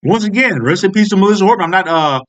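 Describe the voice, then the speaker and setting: Man ranting with a high, lively voice. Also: quick pace, highs cut off. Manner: profane, heated, ranting with repeated restarts. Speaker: political commentary vlogger. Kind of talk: angry political rant.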